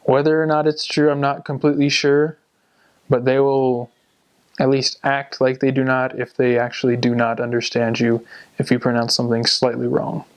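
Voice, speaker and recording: A young man casually explaining how to learn a language, speaking in a steady, explanatory way. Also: medium pitch, normal speed, smooth. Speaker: returned missionary giving language tips. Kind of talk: casual advice monologue.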